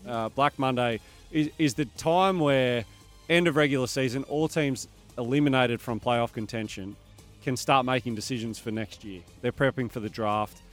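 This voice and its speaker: A man's voice: mid-range voice, moderate pace, fairly bright tone, faint music behind. An Australian man co-hosting a breakfast sports radio show, chatting casually and reading listener texts aloud.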